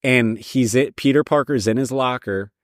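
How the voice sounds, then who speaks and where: A man's voice: mid-range voice, normal speed, no echo, studio quality. A man hosting a show, talking in a casual monologue that rambles and repeats points with frequent restarts. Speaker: show host.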